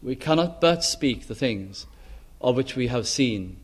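An older man from Wales giving an earnest sermon testimony, pleading with his hearers and dropping to a hush on solemn words. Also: mid-range voice, lively intonation, a little slow, slightly rough. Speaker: preacher.

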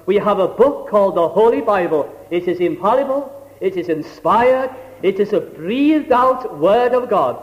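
A middle-aged man preaching a sermon slowly and deliberately, acting out little scenes to illustrate his point. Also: high-pitched. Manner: slow, deliberate, with acted illustrations. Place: church. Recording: dull old recording in a hall with long reverb.

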